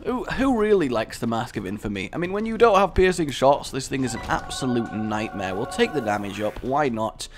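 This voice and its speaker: A man's voice: mid-range voice, animated, brisk, hardly any pauses, over music. A man giving casual, rambling commentary over a game he is playing, with self-mocking jokes and asides. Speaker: gaming commentator.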